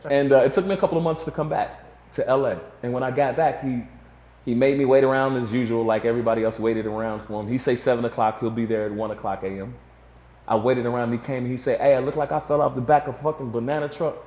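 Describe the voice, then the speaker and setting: A man's voice: mid-range voice, fairly even intonation, quick pace, darkish tone. A man in his forties, a guest in an interview, telling a long story in a casual, rambling way full of "you know". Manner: rambling, filler-heavy, restarts with "you know". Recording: roomy echo.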